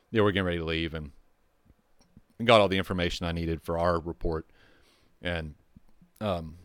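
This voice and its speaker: Low, smooth-voiced firefighter spinning a yarn. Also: male voice, no room sound. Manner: rambling, profane, with restarts and asides. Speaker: firefighter telling a call story. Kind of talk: casual storytelling.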